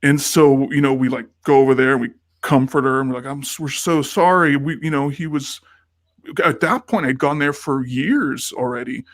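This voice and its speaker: A man's voice: medium pitch, moderate pace, no room sound, clean studio sound. A man co-hosting a podcast in casual chat, telling a rambling story and acting out the quoted lines of the people in it. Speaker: podcast co-host.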